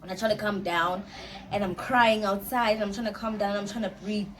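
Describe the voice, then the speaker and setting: A young woman, telling a personal story to camera in a casual, animated way, often repeating herself. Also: mid-range voice, a little fast. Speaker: storytime vlogger.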